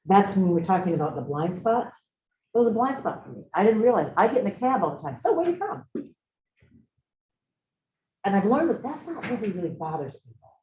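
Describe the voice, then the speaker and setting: A middle-aged woman leads a seminar in a mid-range voice with big pitch swings and a quick pace. She talks reflectively and engages her students with questions. The room recording is roomy and slightly dull, with slight background noise.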